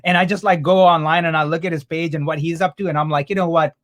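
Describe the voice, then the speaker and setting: Brief: upbeat male host on a video call, slightly high voice, quick chatty delivery. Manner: fast, animated, lots of "like". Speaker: host and course instructor. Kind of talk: casual livestream chat.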